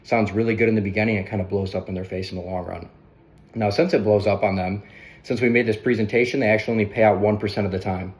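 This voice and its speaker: A man coaching others through a sales pitch in a brisk, conversational way, often tagging on "right?". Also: fairly even intonation. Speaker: sales trainer.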